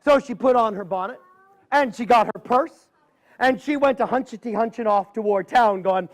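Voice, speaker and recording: A man's voice: very high voice, dull audio. Folksy man telling a campfire tale. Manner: folksy, dramatic, drawn-out pauses. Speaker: storyteller. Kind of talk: campfire storytelling to a live audience.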